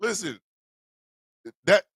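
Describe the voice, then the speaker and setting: A male host in a profane, loud comedic live-stream rant who laughs often. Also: extremely slow, no room sound.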